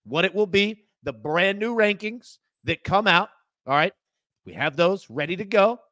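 A man's voice: sits high, animated, moderate pace, sharp tone, no echo, studio quality. A man co-hosting a live sports betting show, upbeat as he explains picks and announces new content. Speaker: co-host.

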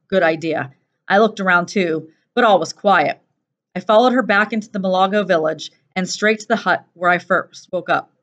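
Lower-voiced woman teacher reading aloud. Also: normal speed. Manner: steady, plain storytelling. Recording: dull lo-fi recording.

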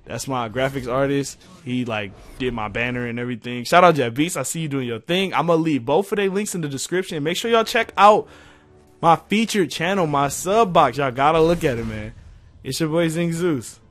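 A young man venting to his viewers in a profane, exasperated rant, going quiet when he calms down. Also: normal speed, faint music behind. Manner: profane, exasperated, jumping pitch when heated. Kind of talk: casual rant to camera.

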